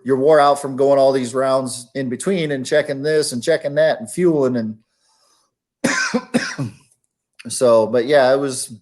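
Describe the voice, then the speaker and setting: A man telling racing stories in a relaxed, rambling way, with lots of fillers. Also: mid-range voice. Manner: laid-back, rambling with many fillers. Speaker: guest, retired monster truck driver. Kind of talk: casual storytelling chat.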